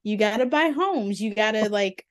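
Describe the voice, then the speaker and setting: A woman's voice: mid-range voice, expressive, moderate pace, a crowd in the background. A woman co-hosting a podcast, casually joking about a film with giggly disbelief. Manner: giggly, incredulous, profane asides. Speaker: podcast co-host. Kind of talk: casual chat reviewing a film.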